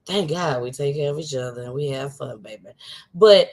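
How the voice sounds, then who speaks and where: A woman's voice: low voice, expressive, normal speed, slightly rough. A woman hosting her own livestream show, talking in a casual, heartfelt way and laughing often, close to tears. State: tearful.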